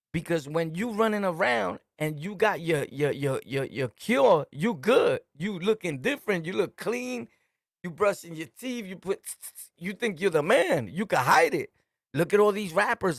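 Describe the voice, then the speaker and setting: A middle-aged man with a New York accent tells street stories in loose, emphatic slang and laughs often. His voice is gravelly and sits a little high for a man. The sound is close and dry. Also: no echo. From Brooklyn, New York. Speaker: podcast host. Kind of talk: casual storytelling monologue.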